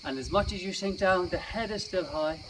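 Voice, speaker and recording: A man teaching yoga and meditation to children, guiding them gently and playfully. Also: high voice, a little fast. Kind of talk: guided kids' yoga and meditation. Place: outdoors. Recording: distant mic, outdoor noise.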